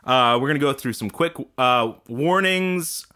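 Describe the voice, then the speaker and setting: A man's voice: medium pitch, lively intonation, measured pace, bright, forceful tone. A man co-hosting a horror podcast in casual chat, laid-back, laughing easily and swearing freely. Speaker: podcast co-host.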